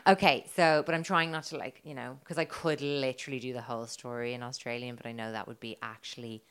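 A low-pitched woman co-hosting a casual podcast, chatty and giggly as she tells the story. She swears freely and keeps talking at an easy conversational clip. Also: steady tone, fast talker, fairly bright tone, clear, resonant tone. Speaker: podcast co-host telling the story.

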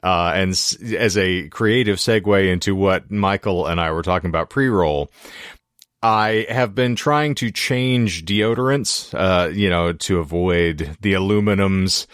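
A man co-hosting a podcast with a hoarse, sore throat, telling long rambling stories with wry asides. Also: deep voice, measured pace, a bit bright, no echo, studio quality. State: hoarse throat after illness. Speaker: podcast co-host. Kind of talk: casual podcast chat.

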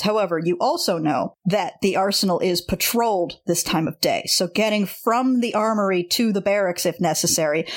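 A woman narrating as game master, explaining things in a measured way and laughing often. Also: medium pitch.

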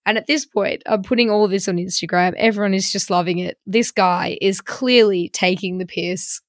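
A woman's voice: mid-range voice, steady tone, moderate pace, dry recording. A woman, co-hosting a podcast and telling a funny story in a dry, self-mocking way. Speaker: podcast co-host. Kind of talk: casual storytelling chat.

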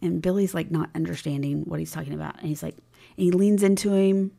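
Podcast co-host, woman, low gravelly voice with a mellow tone, retelling scenes with acted-out dialogue. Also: steady tone, quick pace. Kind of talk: casual recap chat.

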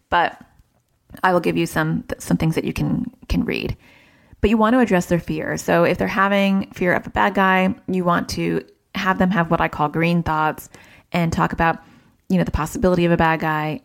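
A woman in her thirties, a child therapist, giving parenting advice in a chatty, animated way. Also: lowish voice, moderate pace, creaky. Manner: chatty, animated when quoting family. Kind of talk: casual advice talk.

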